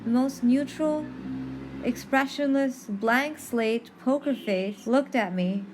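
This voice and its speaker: A woman telling a story in an expressive podcast narration, reading dramatically with pauses. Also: high voice. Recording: faint background noise.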